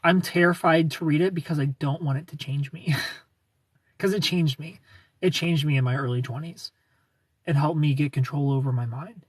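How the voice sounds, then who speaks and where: A man's voice: fairly high pitch, steady tone, moderate pace, slightly rough, no room sound. A man in his thirties casually chatting on a livestream, answering viewer comments in a rambling way with restarts and light laughs. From outside the United States. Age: 30s. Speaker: livestream host.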